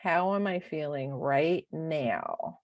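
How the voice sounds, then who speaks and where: Expressive woman life coach, dry sound. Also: sits low, slow pace, dry recording. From United States. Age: middle-aged. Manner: emotional, expressive, rambling. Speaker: life coach, podcast co-host. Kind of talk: casual podcast chat.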